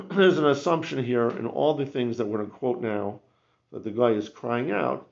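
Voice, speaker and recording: A man with a very gravelly, creaky voice leads a Talmud class, asking rhetorical questions and restarting his sentences. The recording is muffled and lo-fi. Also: mid-range voice, a little slow. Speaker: Talmud teacher.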